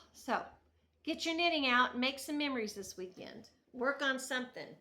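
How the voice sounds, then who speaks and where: Woman, middle-aged, knitting vlogger, casual storytelling, chatty, laughing, bright voice, slightly high. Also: lively intonation, normal speed. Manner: chatty, laughs often, restarts sentences.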